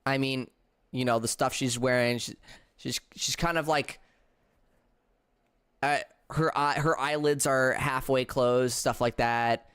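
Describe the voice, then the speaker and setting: Young male streamer, casual play commentary; rambly and stammering, middle pitch. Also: steady tone, measured pace, long pauses, a bit bright, clear, resonant tone, dry recording, clean studio sound. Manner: rambling, stammering, self-deprecating. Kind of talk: casual gameplay commentary and voice acting.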